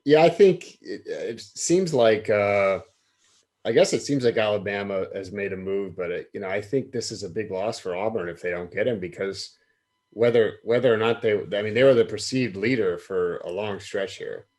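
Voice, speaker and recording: A man's voice: on the low side, normal speed, darkish tone. A man hosting a casual sports podcast, easygoing and steering the talk with questions. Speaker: podcast host.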